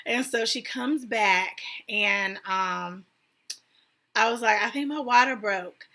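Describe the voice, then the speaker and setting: A young woman with a bright, clear-edged voice tells her own story in a loose, conversational way. She leans on "like" and "I was like," acting out what was said, at a middle pitch. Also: a little slow. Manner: conversational, many "like" and "I was like" quotes. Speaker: vlogger sharing a personal story. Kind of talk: casual personal storytelling.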